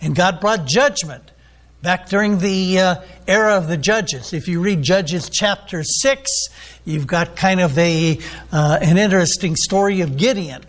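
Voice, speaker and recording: A man's voice: sits high, unhurried. A man preaching a sermon, teaching in a loose, rambling way with many ums and restarts.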